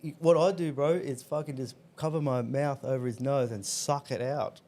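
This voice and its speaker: A man's voice: medium pitch, fairly even intonation, normal speed, mellow. A man telling crude stories on a podcast, swearing and laughing as he goes. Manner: profane storyteller, laughs a lot. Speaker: podcast guest. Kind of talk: crude casual banter.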